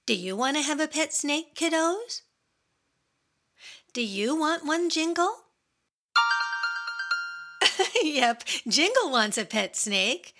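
Bubbly high-voiced woman hosting for kids. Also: pushed and bright. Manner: bubbly, sing-song, addresses kids directly. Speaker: children's radio show host. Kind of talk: children's radio hosting.

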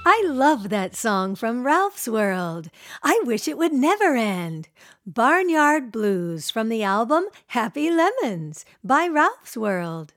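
A woman's voice: fairly high pitch, sing-song, slow, fairly bright tone, dry recording, faint music behind. A woman hosting a children's radio show, talking playfully to young kids in a sing-song way. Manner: playful, sing-song, teasing guessing games. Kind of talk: cheerful talk to young children.

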